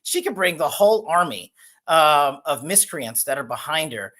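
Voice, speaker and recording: A man being interviewed as a guest, pitching his book and hammering political talking points. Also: lively intonation, normal speed. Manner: forceful, promotional, list-like talking points.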